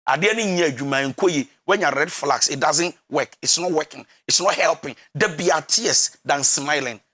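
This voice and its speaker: High, bright-voiced Ghanaian counselor. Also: male voice, moderate pace. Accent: Ghanaian English. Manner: emphatic, preachy, switching into Twi and half-singing. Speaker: relationship counselor. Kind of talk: advice talk show.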